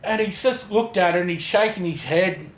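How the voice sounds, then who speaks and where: A man's voice: high voice, moderate pace. An Australian man co-hosting a podcast in laid-back casual chat, swearing freely and telling rambling jokes. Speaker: podcast co-host. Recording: echoey room with faint noise.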